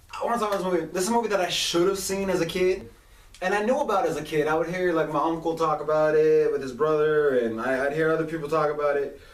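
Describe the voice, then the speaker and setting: A man in his late twenties hosting a casual, animated monologue about an old movie. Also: fairly high pitch, roomy sound, distant mic, rough recording. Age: 20s. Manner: animated, chatty, swears. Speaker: podcast host.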